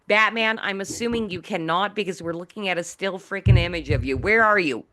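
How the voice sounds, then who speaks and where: A woman's voice: mid-range voice, brisk, bright, forceful tone. A woman hosting a talk show over a video call, playful and teasing, laughing often. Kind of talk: casual video call chat.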